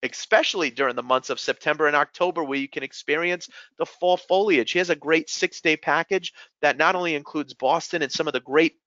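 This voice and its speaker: A man's voice: fairly high pitch, fairly quick, few pauses, bright, forceful tone, no room sound, lo-fi sound. A man with a New England accent presenting a live sales webinar, upbeat and enthusiastic, often calling out to everyone.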